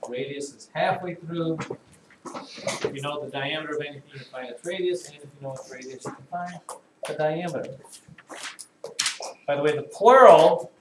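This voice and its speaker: A male math teacher leading a classroom lesson, slowly repeating key terms and calling on pupils by name. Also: on the high side. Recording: echoey classroom from far off with noise.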